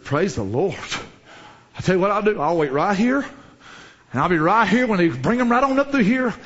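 A man preaching a sermon with fervour, rising into shouts and dropping to low, quiet lines. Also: big pitch swings, moderate pace, muffled recording. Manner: fervent preaching, swinging from shouts to low murmurs.

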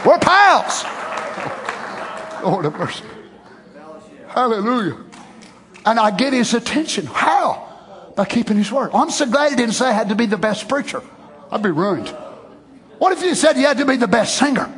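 A man's voice: extremely high pitch, very animated, normal speed, pauses often, a faint crowd. A middle-aged man preaching a sermon in a folksy, conversational way that swells into emphatic exclamations. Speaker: pastor.

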